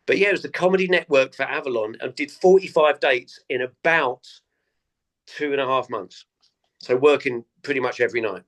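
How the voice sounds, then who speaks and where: Chatty male comedian telling tour stories. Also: medium pitch. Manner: animated anecdotes, acts out quoted voices. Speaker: comedian guest. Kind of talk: casual interview storytelling.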